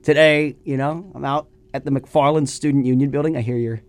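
A man's voice: mid-range voice, fairly even intonation, a little fast, a little mellow. Stuffed-up young man, chatting. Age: young adult. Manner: laughs easily, teasing. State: stuffed-up nose from a cold. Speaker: co-host. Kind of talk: casual sports chat.

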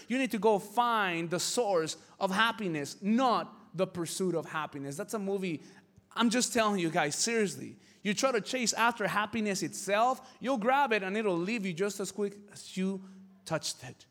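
Young male pastor, high voice, casual joking sermon delivery, chatty and animated. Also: normal speed.

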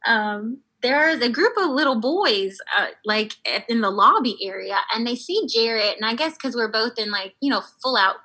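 Bright, breathy-voiced woman telling a story. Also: on the high side, moderate pace, few pauses, rough recording. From United States. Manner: animated, laughs often, many fillers. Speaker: guest. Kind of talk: casual storytelling.

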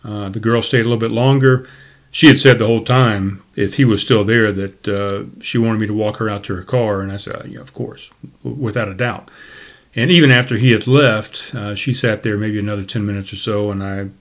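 A man's voice: on the low side, fairly even intonation, a little fast. A man hosting a podcast, telling a story from his bartending job in a rambling, profane way with frequent self-corrections. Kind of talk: casual storytelling monologue.

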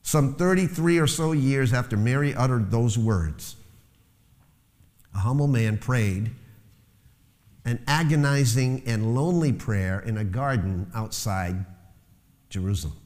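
A man's voice: medium pitch, unhurried, long pauses, darkish tone. Preaching man in an echoing sanctuary. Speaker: pastor. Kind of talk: sermon. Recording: long hall reverb.

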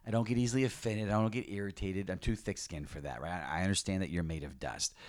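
A man voicing God as calm, patient and thick-skinned, speaking softly and with measured reassurance. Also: sits low, close to an everyday voice. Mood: reassuring.

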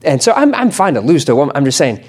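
A man's voice: on the high side, sing-song, very fast. A man hosting a podcast, chatting casually with a guest, rambling and joking with frequent restarts. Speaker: podcast host. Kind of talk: casual chat.

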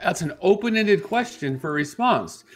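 A man's voice: sits high, lively intonation, normal speed, soft background music. A man co-hosting a morning radio show, patiently and persistently explaining his side of an argument. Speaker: radio co-host. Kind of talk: casual chat, arguing a point.

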